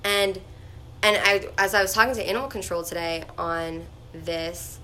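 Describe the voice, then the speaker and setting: A young woman telling a personal story in a casual, chatty vlog, full of "like" fillers and animated retellings. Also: on the low side, normal speed, slight background noise. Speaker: vlogger.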